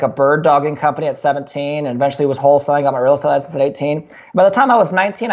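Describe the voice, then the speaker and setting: A young man rattles through his story at a rapid clip, stumbling over restarts and fillers as he goes. His voice sits mid-range, and the recording sounds a little dull and lo-fi. He talks like a podcast guest who is used to telling this tale. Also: a little high, vocal fry. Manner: fast, animated storytelling with many fillers and restarts. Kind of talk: casual storytelling interview.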